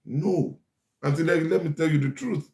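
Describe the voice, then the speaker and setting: A man's voice: on the high side, normal speed, gravelly, dark tone. Man, preachy advice host, repeats for emphasis, roomy echo. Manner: emphatic, repeats lines for stress. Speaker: host giving relationship advice. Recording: echoey room.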